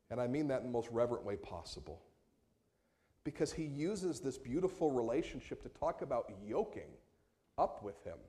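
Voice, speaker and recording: A man delivering a sermon from the pulpit at a middle, ordinary pitch. His delivery drops to hushed, slowed lines, then climbs into loud, emphatic appeals to the congregation. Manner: swings from hushed, slow passages to raised, emphatic appeals. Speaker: pastor.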